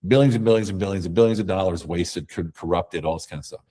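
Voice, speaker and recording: A man guest in a conversational interview, talking emphatically and telling animated stories. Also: low voice, fast talker, slightly rough. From America. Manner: emphatic, animated storytelling with acted quotes.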